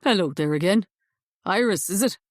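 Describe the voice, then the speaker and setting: A woman voicing a kind young male police officer, soft-spoken and sympathetic, in an audiobook reading. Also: medium pitch, expressive, normal speed, dry recording, natural voice. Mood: friendly. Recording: dry close studio sound.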